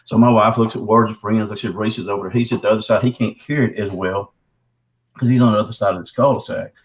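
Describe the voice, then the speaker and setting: A man with a sore throat, telling a story as a podcast guest in a folksy, animated way. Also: on the low side, fast, low-quality recording. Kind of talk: casual storytelling.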